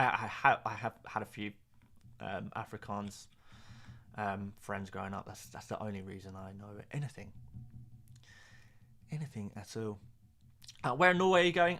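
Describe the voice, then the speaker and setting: A young fantasy football streamer chats casually on a live stream, his medium-pitched voice fairly bright. He reads viewer comments aloud in a rambling, self-mocking way, repeating words and restarting sentences.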